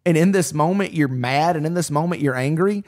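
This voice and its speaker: A man, a pastor, talking through faith in a casual podcast chat, earnest and animated, often restarting his sentences. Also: on the high side, a little fast.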